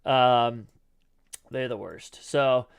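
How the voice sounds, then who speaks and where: Gravelly-voiced man rambling over charts. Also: mid-range voice, drawn-out words. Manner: rambling, loose and profane, many fillers. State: throat scratchy, clearing it often. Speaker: crypto trading streamer. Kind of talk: casual live-stream chart commentary.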